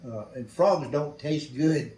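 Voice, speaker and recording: A man's voice: on the high side, slow pace, a little mellow, distant mic, a little hiss or hum. Older man, blunt salty storyteller, recorded from off mic in a roomy space. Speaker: veteran interviewee. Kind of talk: storytelling interview.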